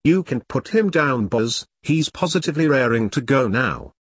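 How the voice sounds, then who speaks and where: A man's voice: medium pitch, lively intonation, normal speed, husky, no echo, studio quality. A man voicing a smarmy, cheerfully callous upper-class lord in a storybook reading. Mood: chirpy. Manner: smarmy, chirpy, posh.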